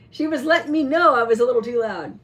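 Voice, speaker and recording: A woman in a casual show-and-tell vlog, chatting about a toy with many fillers and some throat-clearing. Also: a little high, fairly bright tone. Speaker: vlogger showing a toy.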